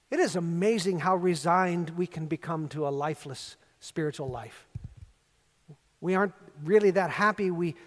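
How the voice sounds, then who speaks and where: A male pastor preaching an earnest sermon, telling stories and building emphatic repeated phrases. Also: high-pitched. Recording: long reverb of a large hall.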